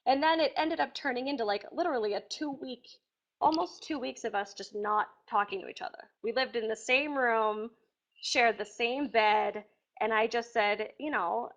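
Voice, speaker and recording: A woman answering interview questions casually, chatty and animated, with acted-out quotes. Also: a little high, normal speed. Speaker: reality TV contestant being interviewed. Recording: dull lo-fi sound.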